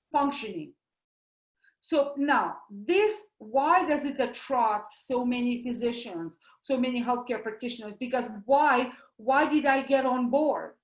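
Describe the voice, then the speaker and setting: A high-voiced woman with a Russian accent explains things in an animated way, throwing out questions and answering them herself. Her voice rings around an echoey room. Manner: animated, uses homely comparisons, asks and answers her own questions. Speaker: doctor promoting supplements. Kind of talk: lively presentation talk.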